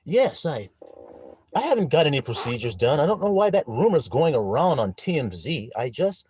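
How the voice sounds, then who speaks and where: A man's voice: on the high side, big pitch swings, moderate pace, a little mellow, husky, dry recording. A man voicing a celebrity who breezily and defensively denies having cosmetic surgery, in a fake-innocent tone. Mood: mock innocent.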